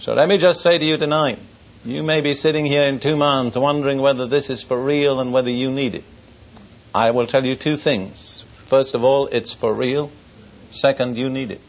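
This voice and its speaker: In this sermon testimony before a church audience, an older pastor recounts a wartime experience with wry humor, then shifts to grave warnings. His middle-pitched voice holds a steady tone at a normal speed, captured in a muffled, lo-fi recording.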